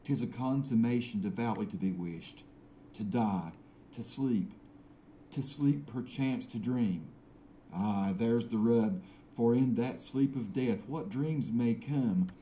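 A mellow, warm-toned tragic prince , as a man puts on a mock English accent, recites with slow, theatrical grandeur. The delivery is deliberately lofty and a little self-aware. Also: mid-range voice, a little hiss or hum, lightly acted. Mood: solemn. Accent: put-on English. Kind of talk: dramatic recitation.

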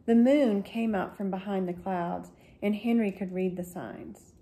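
Woman, librarian, children's book read-aloud, slow gentle storytelling, warm mellow voice. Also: medium pitch, steady tone. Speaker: school librarian.

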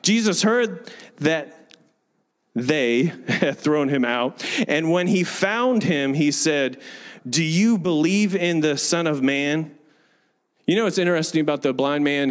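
A pastor preaching in a large church, leading the congregation in call-and-response declarations. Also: male voice, on the high side, in a large hall. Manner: builds to fervent repeated declarations. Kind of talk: sermon.

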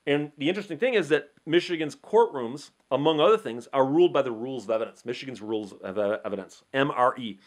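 Fast and with hardly any pauses, a man with a medium-pitched voice comments on the law to camera. It's a conversational explanatory monologue where he asks rhetorical questions and acts out quick courtroom back-and-forths.

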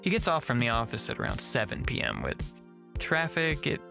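A man narrating a first-person horror story with a tense, measured reading. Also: medium pitch, huge pitch swings, gravelly, loud music behind the voice.

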